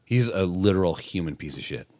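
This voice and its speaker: A man's voice: low voice, expressive, fairly quick, darkish tone. A man in his forties telling blunt, crude stories as a podcast co-host. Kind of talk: casual chat.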